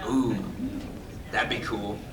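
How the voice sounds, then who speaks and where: A man's voice: fairly low pitch, fairly even intonation, slow, distant mic, crowd noise. A man on a convention panel chatting casually, rambling and joking with lots of restarts. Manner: rambling and jokey, with many restarts. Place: large convention panel room. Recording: echoey hall, mic heard from afar.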